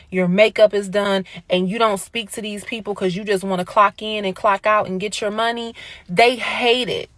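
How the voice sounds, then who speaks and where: A woman's voice: medium pitch, fairly bright tone, dry recording. A woman ranting in a short clip, emphatic and indignant.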